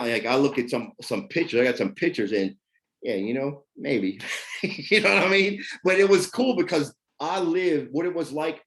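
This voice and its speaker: A middle-aged man giving a candid personal testimony about his past, rambling and repeating fillers as he talks. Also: mid-range voice. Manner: rambling, repeats fillers like "you know what I mean". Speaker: person sharing his recovery story.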